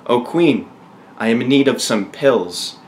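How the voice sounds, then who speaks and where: A man's voice: lively intonation, a little hiss or hum, close to an everyday voice. A man doing a cheeky, crude young prisoner. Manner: raised pitch, drawn-out punchlines.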